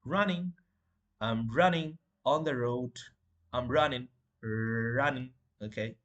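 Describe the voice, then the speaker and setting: Slow man teaching letters. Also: medium pitch, fairly bright tone, dull audio. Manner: repeats words and letters, corrects common mistakes. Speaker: English teacher. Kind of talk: beginner pronunciation lesson.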